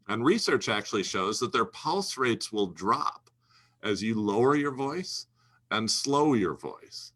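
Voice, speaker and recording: A man's voice: medium pitch, sharp tone. A man speaking as a guest, coaching financial advisors in an emphatic, instructional way and repeating his key phrases. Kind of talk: instructional talk to a host.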